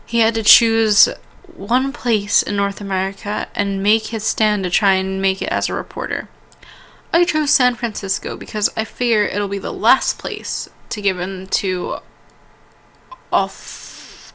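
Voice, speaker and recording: Bright-voiced woman reading a story game aloud. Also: mid-range voice. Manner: reads aloud with stumbles, restarts and quick asides. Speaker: let's-play host.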